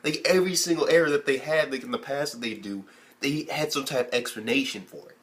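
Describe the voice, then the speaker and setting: Young male anime reviewer, casual and foul-mouthed, animated, leaps into high-pitched reactions. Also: fast talker. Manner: animated, heavy swearing, acts out characters in high squeaky bursts. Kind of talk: casual profane video review.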